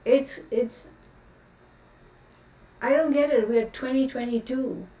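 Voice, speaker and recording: A tarot reader hosting a livestream chats casually, ranting outspokenly and in exasperation with plenty of fillers. Her high voice is slow, warm, and fairly even in intonation, heard with a little hiss or hum and the roomy sound of a distant mic.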